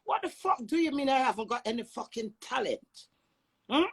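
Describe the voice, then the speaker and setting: A Jamaican woman ranting with loud, brash cursing, swinging between shouting and low mutters. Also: expressive, normal speed, husky, rough recording. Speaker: social media personality. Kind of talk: cursing rant.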